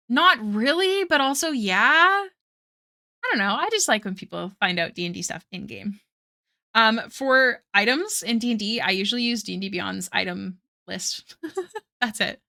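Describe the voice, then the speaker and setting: Young woman, art streamer, bright ringing voice, chatty, rambling, laughs a lot. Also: a little high, animated, unhurried, vocal fry. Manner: chatty and rambling, laughs often, reads chat aloud. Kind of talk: casual stream chat while drawing.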